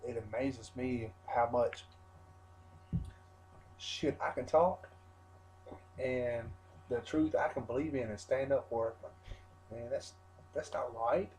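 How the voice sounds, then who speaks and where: A man's voice: medium pitch, warm tone, a little hiss or hum, low-quality recording. A wrestler in a rambling, defiant interview rant, swearing constantly and restarting his sentences.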